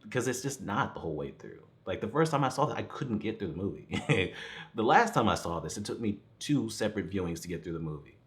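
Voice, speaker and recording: A man's voice: fairly low pitch, very animated, fairly quick, fairly bright tone. Chuckling man ranting a film review. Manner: rambling, chuckling, profane. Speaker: movie reviewer. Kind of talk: casual spoken film review.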